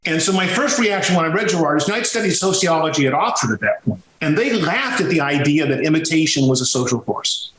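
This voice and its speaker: A man talking as a podcast guest, his voice sitting a little high for a man. He tells stories with animated swings of pitch when stressing a point. The sound carries a roomy echo around him. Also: quick pace, hardly any pauses. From Sicilian heritage. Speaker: podcast guest, music historian. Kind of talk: conversational interview.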